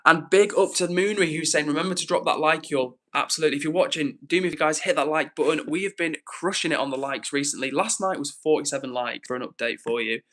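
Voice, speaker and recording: A chatty man hosts a live stream, his voice bright and forward. He sits a little above the usual pitch for a man and keeps things upbeat while answering his viewers. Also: fast talker, hardly any pauses. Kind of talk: casual live-stream chat.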